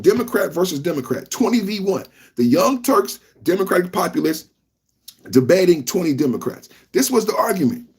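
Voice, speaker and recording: A man hosts a live reaction podcast and rants loudly, circling back over the same points again and again. His voice is husky with a slightly rough edge, pitched in an ordinary middle range, and he speaks directly to the viewers in his chat. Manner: loud, repetitive, talks straight to chat. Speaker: podcast host.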